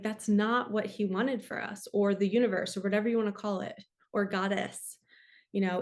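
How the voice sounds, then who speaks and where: A young adult woman giving a casual tarot reading, talking passionately and rambling with lots of "like". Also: mid-range voice. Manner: passionate, rambling, says "like" often. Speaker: tarot reader and spiritual coach.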